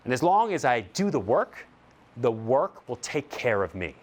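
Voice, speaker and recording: Male keynote speaker, emphatic storyteller, very animated delivery. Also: mid-range voice, normal speed. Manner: emphatic, storytelling, repeats short punchlines. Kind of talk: motivational stage talk.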